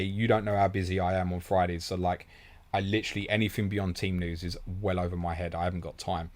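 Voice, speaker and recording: A man's voice: low-pitched, fairly even intonation, fast talker. An English man in his young adult years, hosting a casual fantasy football live stream, reading out viewer questions and answering them bluntly, swearing casually and calling people mate.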